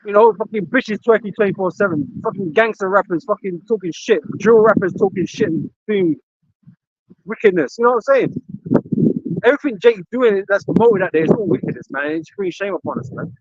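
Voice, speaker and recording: High voiced guy ranting, swears a lot, dry dull recording. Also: animated, a little fast, gravelly, dry recording. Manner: angry, profane, repeats "man" and "you know". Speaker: camp speaker. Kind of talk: heated casual religious talk.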